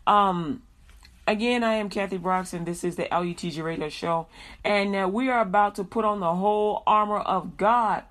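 A woman's voice: mid-range voice, fairly even intonation, fairly bright tone. Chatty woman radio host. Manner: chatty, laughs often, drawn-out prayer phrases. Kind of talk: casual Christian radio talk with prayer.

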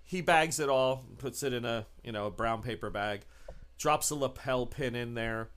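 Male game master, mid-pitched, relaxed narration with chuckles and ums. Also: moderate pace. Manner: relaxed, chuckling, filler-heavy.

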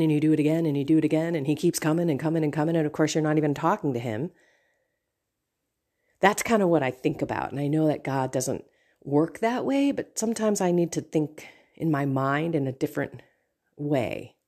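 Low-voiced woman chatting about faith. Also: warm tone. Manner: chatty, laughs often, acts out quoted voices. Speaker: podcast host. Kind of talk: casual faith reflection.

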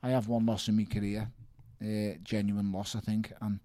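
Man, 30s, low dry voice, emphatic interview guest who repeats words. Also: little pitch movement, moderate pace, mellow, no echo. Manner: emphatic, repeats words, calls listener mate. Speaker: professional boxer, guest. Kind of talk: casual interview talk.

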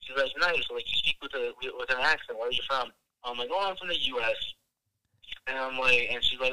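A young man from Wisconsin tells a story in a loose, rambling way, with lots of swearing and filler words. His voice is very bright and sharp, at an ordinary pitch. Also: a little fast, rough recording. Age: young adult. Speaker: podcast guest telling a story. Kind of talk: casual storytelling.

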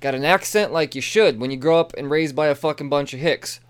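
A man giving a casual, rambling comic book review, excitable and full of swearing and asides. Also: on the high side, brisk, smooth.

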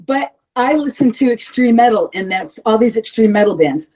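A woman singer talking candidly in a casual interview, swearing freely and breaking into animated asides. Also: a little high, normal speed, poor audio. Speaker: heavy metal vocalist, interview guest.

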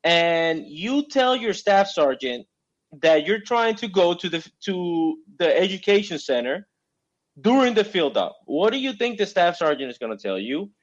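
Marine guy making his point, keeps saying right?, kinda high voice, muffled lo-fi sound. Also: sing-song, unhurried. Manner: emphatic, explains with repeated "right?" checks. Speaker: Marine, former recruiter. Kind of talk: casual chat.

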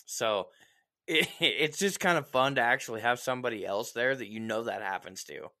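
Bright-voiced man ranting profanely. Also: medium pitch, normal speed. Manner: animated, mocking in quoted asides. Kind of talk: casual chat.

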